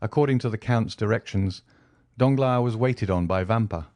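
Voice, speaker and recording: A man narrating a classic novel as an audiobook in a steady storytelling manner. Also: fairly low pitch, normal speed, no echo. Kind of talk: scripted narration.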